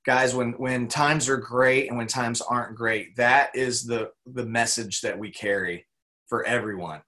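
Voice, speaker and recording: A man's voice: medium pitch, fairly even intonation, measured pace, bright, forceful tone. A man co-hosting a casual faith talk, speaking earnestly and repeating words for emphasis. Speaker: faith discussion co-host.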